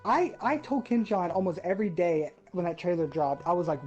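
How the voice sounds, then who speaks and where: A woman with a mellow, warm voice rants in a casual gaming chat and swears constantly. She talks with fired-up, animated disbelief. Faint music plays behind her. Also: fairly low pitch, fairly quick, hardly any pauses, muffled recording. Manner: profane, ranting, animated. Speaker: gaming podcast host.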